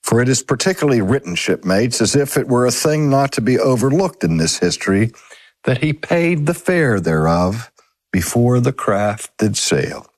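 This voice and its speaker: A man reads an old sermon aloud, taking a measured and dramatic pace. His voice sits at an ordinary middle pitch. The recording is dry and close. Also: big pitch swings, a little mellow, no echo. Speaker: reader. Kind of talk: scripted narration of a sermon from a novel.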